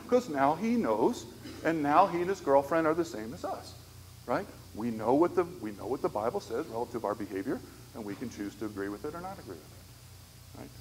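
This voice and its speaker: A man's voice: mid-range voice, lively intonation, brisk. Man lecturing in an echoey hall. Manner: conversational, storytelling with frequent "right?" asides. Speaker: speaker on disability ministry. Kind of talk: church conference lecture. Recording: echoey hall, faint background noise.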